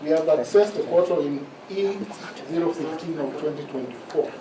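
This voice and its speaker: A man argues before the bench in a formal, measured way, slowing down to press his points. His voice sits a little high. He is picked up from a distance in a reverberant courtroom with constant background noise. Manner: formal, measured, repeats "my lords" and slows to stress points. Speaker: advocate arguing in court. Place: large courtroom.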